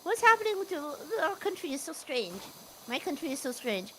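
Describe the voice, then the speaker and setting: A woman's voice: high-pitched, sing-song, moderate pace, fairly bright tone, slight background noise. A woman from the North of England, chatting casually while streaming a game and often laughing. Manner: chatty, laughs often, reads game text aloud in a put-on voice. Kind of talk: casual chat over gameplay.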